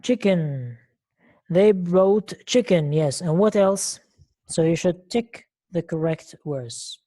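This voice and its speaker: A woman's voice: fairly low pitch, expressive, takes it slowly, warm tone. A woman teaching an English lesson on an online call, speaking patiently and repeating words and questions for her learners.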